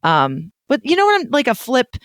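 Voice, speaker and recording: A woman's voice: a little high, huge pitch swings, normal speed, dry recording. A young adult woman co-hosting a podcast, talking in a chatty, rambling way with nervous restarts. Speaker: podcast co-host. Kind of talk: casual chat.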